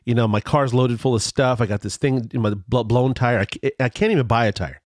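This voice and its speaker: Guy, mid pitch, talks in dry close sound, restarts a lot, gets animated. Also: a little fast, no room sound. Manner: rambling with frequent restarts and fillers; animated, jumps higher when excited. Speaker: vlogger telling a road story. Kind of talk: casual storytelling.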